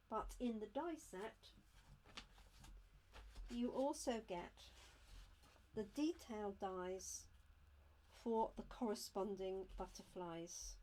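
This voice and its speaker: With a medium-pitched, mellow voice, a woman runs a live craft unboxing demo, talking through each step as she handles supplies at her craft desk. Slight background noise is audible.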